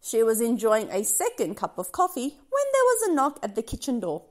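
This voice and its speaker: Animated woman reading a kids' storybook. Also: a little high, moderate pace. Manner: expressive, sing-song storytelling. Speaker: storybook reader. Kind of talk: children's read-aloud narration.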